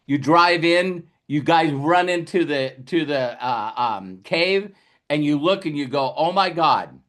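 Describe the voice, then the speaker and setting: A business coach with a fairly high, slightly slow voice gives a motivational talk built around a story. He tells it animatedly, acting out what people say, with lots of repeated words and restarts.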